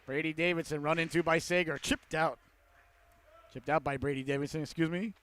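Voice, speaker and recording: A man calling a youth hockey game play-by-play, with rapid calls that rise to excited shouts on goals. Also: a little high. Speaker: play-by-play commentator.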